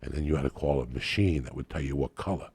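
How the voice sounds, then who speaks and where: Podcast guest, middle-aged man, low gravelly rasp, profane and raunchy tales. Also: fast talker, darkish tone, no echo. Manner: profane, gravelly, acts out quotes. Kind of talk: raunchy storytelling.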